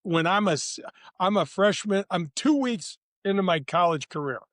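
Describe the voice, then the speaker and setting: A man in his sixties from St. Louis, a former tour golfer telling lively, slangy stories as a podcast guest. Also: high-pitched, normal speed, dry recording, clean studio sound. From St. Louis, USA. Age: 60s. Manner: lively, slangy, addresses the host directly. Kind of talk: casual anecdotal storytelling.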